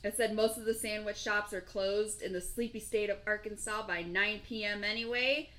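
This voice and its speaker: A woman co-hosting a casual podcast, talking in an animated, slangy way and acting out little quoted bits. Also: medium pitch, normal speed. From Nevada. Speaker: podcast co-host. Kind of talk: casual chat.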